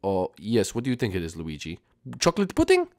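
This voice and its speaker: A man's voice: sits low, brisk, a little mellow, voice pushed down, close to an everyday voice. A man voicing a flustered, short-tempered plumber who talks in a frantic, exasperated way. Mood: sarcastic. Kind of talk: Minecraft roleplay voice acting.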